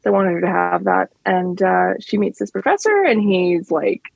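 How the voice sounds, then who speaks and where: A woman's voice: medium pitch, lively intonation, creaky, no room sound, lo-fi sound. A woman in her thirties from Central Canada with a slight lisp, chatting casually as an author guest on a podcast and laughing at herself. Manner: chatty, self-deprecating, quick laughs.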